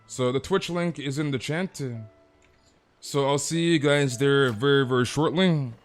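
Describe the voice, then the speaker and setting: A man's voice: measured pace, faint music behind. Rambling male game streamer. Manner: rambling, repetitive, trails off low. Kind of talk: casual stream chat.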